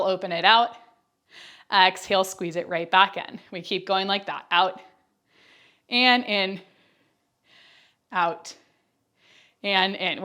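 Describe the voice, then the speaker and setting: A woman's voice: mid-range voice, sharp tone. A woman leads a Pilates class and counts down reps as she does them. She sounds out of breath, and her cues are upbeat, with chatty asides between moves. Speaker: Pilates instructor. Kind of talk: follow-along workout cueing.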